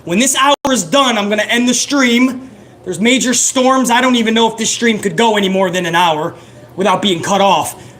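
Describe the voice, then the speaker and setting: A man giving live, profane play-by-play reaction to a wrestling broadcast, excitable and joking. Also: sits high, normal speed. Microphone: headset.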